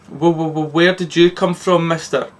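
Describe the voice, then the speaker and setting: A man voicing Shaggy, a jittery, easily scared young man who stammers when he is excited. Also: a little high, moderate pace, pitched above the performer's own voice, natural voice. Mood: startled.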